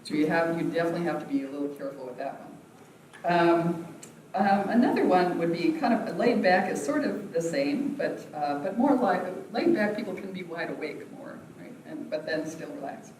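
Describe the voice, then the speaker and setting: A woman's voice: fairly low pitch, expressive, normal speed, darkish tone, far from the mic, slight background noise. Woman leading an acting workshop, echoey room. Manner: demonstrative, laughs often, acts out vocal exercises. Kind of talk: teaching a voice workshop. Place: large echoey theatre room.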